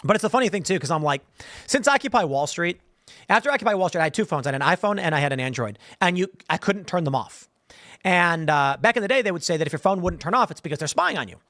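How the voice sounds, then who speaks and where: A man's voice: high-pitched, expressive, quick pace, fairly bright tone, dry recording, studio quality. A man hosting a livestream show, rambling through viewer comments and joking asides in a casual way. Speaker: host.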